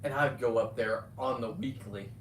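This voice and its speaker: A man in his fifties talking casually on a live stream, rambling with loud outbursts and frequent swearing. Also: medium pitch, normal speed, a little hiss or hum. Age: 50s. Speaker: livestreamer reading viewer comments. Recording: echoey, distant from the mic.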